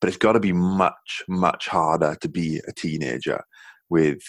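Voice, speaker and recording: A low-voiced man in his thirties from England hosts a podcast in a loose, rambling way. His voice is gravelly, with a dry, close studio sound. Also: normal speed, no room sound. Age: 30s. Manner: rambling, restarts with "you know". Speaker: podcast host. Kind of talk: casual podcast chat.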